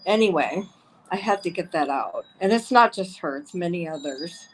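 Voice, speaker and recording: Here a livestreamer with a fairly low, animated voice rants at a moderate pace, heated and profane, looping back over the same things repeatedly. The recording is low quality, and faint wind chimes tinkle in the background.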